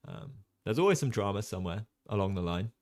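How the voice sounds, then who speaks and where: A man from Jersey, a chess streamer doing relaxed livestream commentary, chatty with many ums, reading chat aloud. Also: on the low side, fast, no room sound, clean studio sound.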